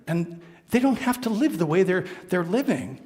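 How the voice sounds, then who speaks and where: Playful male minister, storytelling sermon, lively pitch, long hall reverb. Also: normal speed. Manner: animated and playful. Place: worship hall.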